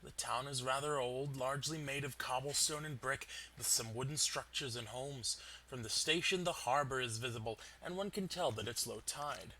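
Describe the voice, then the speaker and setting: A man narrating a tabletop game as game master, in steady, descriptive storytelling. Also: medium pitch, normal speed, a little hiss or hum.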